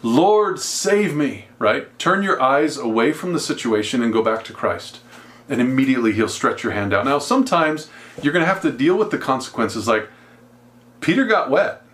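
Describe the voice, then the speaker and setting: A man's voice: mid-range voice, sing-song, normal speed, a bit bright. A male pastor teaching a Bible passage, acting out its characters as he tells the story.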